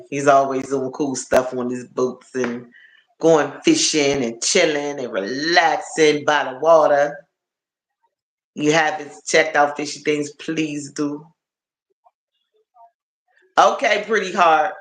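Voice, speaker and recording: A man with a fairly high voice chats slowly on a live stream, tired and achy, looping back over the same phrases as he talks to his viewers. He sounds like he's in an echoey room, talking into a phone. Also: fairly bright tone. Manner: chatty, repeats phrases, addresses viewers as y'all. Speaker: livestream host.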